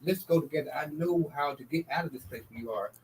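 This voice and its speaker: Fast-talking man sharing in a group. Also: a little high, low-quality recording. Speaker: support group member.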